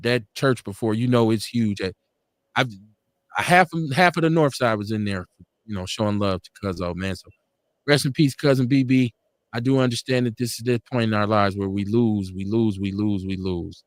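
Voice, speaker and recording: A man's voice: medium pitch, no echo. A man hosting a live online talk show, speaking with fervent, profane, preacherly conviction and driving his points home through repetition. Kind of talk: impassioned political talk-show commentary.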